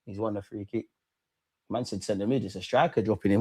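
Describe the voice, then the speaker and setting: A young man hosting a live football watch-along, talking in slang, animated and prone to bursts of excitement. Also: fairly low pitch, a little fast, slightly rough.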